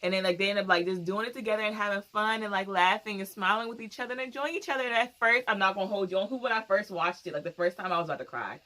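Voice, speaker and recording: Bright-voiced young woman recapping a show. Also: medium pitch, rapid-fire, hardly any pauses. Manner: animated, laughs often, acts out quotes. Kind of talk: casual TV recap chat.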